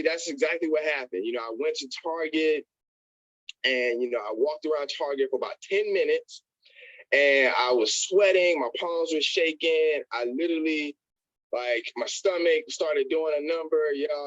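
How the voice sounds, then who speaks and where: A man telling a motivational story about his early days in sales, animated, repeating himself and calling his listeners "y'all". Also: on the high side, normal speed, dry recording, lo-fi sound. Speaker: network marketing motivational speaker.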